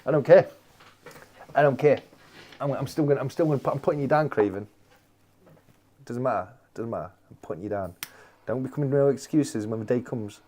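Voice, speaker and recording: The livestream host chats with viewers, circling back to the same phrases and addressing them all as "mate." He speaks a little fast at medium pitch with a dark tone, pausing often.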